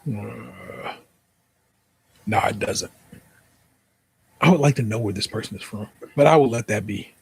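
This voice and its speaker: A man's voice: fairly low pitch, measured pace, vocal fry, long pauses, darkish tone, husky. A man with an American accent reading an online post aloud, then joking through profane commentary and spelling out the typos. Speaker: podcast host.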